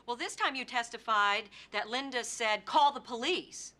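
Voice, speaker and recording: Casting: a pointed, probing prosecutor, bright voice, slightly high. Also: female voice, normal speed. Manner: probing, pointed cross-examination. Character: sharp, relentless female prosecutor. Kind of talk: TV movie courtroom drama.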